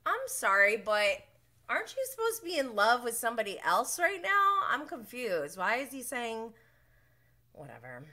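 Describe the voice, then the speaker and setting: A woman's voice: medium pitch, sing-song, normal speed, bright, forceful tone. A woman hosting a casual reality-show recap, rambling and chatty, laughing often and mimicking the people she talks about. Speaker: podcast host.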